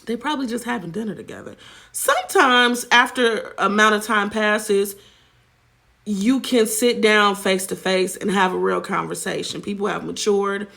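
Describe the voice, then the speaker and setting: An American woman hosts a celebrity gossip show, chatty and sassy, calling her viewers "child" and "honey." Her voice is medium-pitched, gravelly, pushed and bright, at a moderate pace, delivering casual gossip commentary.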